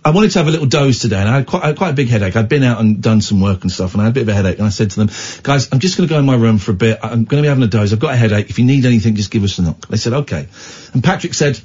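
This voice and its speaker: An English man hosting late-night radio, his pitch leaping around as he tells embarrassing stories and dissolves into giggles. His voice is a bit husky, and the sound is dull and lo-fi, like a radio broadcast. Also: very fast. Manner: animated, giggly, self-mocking. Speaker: radio host.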